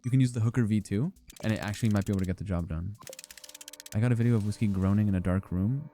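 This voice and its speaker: A young man streams a game, chatting loosely with his viewers. His voice sits low and warm, and his talk is joking and profane. Faint music plays behind him. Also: very fast. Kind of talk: casual gameplay commentary.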